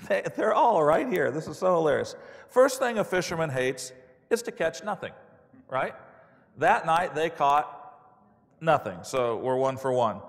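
A man preaching a sermon, telling stories in an animated way and acting out the quotes. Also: a little high. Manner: animated storytelling with acted-out quotes. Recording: long hall reverb.

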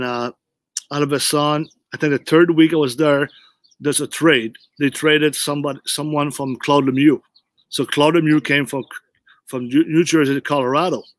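A man's voice: mid-range voice, no room sound. Earnest man telling hockey stories. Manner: earnest, repeats "you know what" for emphasis. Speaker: guest, former pro hockey player. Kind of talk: conversational interview storytelling.

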